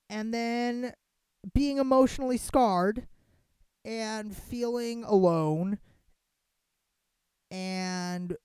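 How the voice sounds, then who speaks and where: A young adult host talks straight to listeners in a loose, heated monologue, full of "like", restarts and swearing. The pitch jumps around a lot as the speaker gets worked up. The sound is close and dry, with no room echo. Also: clear, resonant tone. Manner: animated and profane, heavy filler "like", frequent restarts. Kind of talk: casual monologue, ranting commentary.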